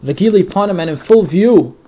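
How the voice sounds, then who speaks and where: A man's voice: high voice, animated, normal speed, dark tone, breathy edge. A man giving a Torah lesson, reading each Hebrew verse and translating it into English with Yiddish words mixed in. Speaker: Torah teacher.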